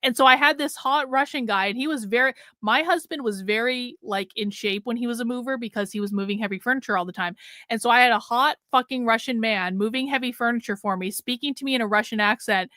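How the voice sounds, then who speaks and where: Woman host, middle-aged, blunt and chatty, bright voice, dry close sound. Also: fairly high pitch, fast talker, no echo. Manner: blunt, chatty, laughs often. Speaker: livestream host. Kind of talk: casual livestream commentary.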